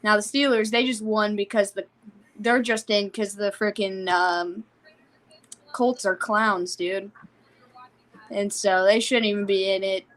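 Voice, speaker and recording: This young woman is hosting a casual livestream from home at a desktop mic. She talks in an excited, rambling way and laughs often. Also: mid-range voice, a little slow, pauses often. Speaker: livestream host.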